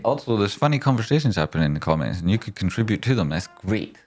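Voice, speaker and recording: A man's voice: fairly low pitch, big pitch swings, fast, darkish tone. A man hosting a casual stock market livestream, rambling as he talks straight to his viewers.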